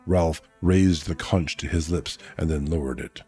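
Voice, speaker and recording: A man's voice: extremely low pitch, steady tone, measured pace, few pauses, darkish tone, husky, faint music behind. A man streaming a casual read-aloud of a novel, chatting in asides and correcting his own slips.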